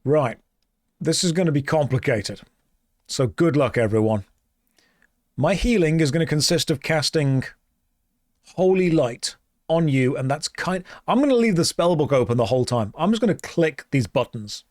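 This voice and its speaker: A man's voice: a little high, lively intonation, moderate pace, darkish tone, dry recording, clean studio sound. A man streaming a game, reading chat aloud and answering in a playful, exasperated way. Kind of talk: casual gaming stream chat.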